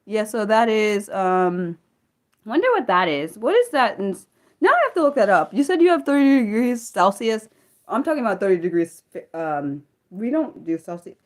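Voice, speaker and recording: A woman's voice: medium pitch, very animated, moderate pace. A young woman from the United States hosting an unscripted livestream, rambling with many fillers and restarts as she chats with viewers. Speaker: livestream host.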